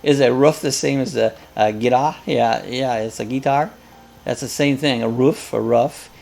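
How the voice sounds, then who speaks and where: A man's voice: medium pitch, moderate pace, creaky, a little mellow. A man hosting a casual live chat, rambling and joking as he tells stories. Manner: rambling, jokey storyteller.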